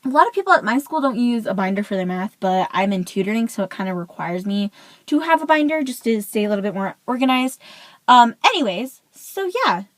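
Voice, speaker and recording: A woman's voice: a little high, brisk, dry recording, rough recording. A teenage girl telling a school story in a casual rant, peppering every phrase with "like.". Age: teens. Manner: chatty, says "like" constantly, animated. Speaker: vlogger.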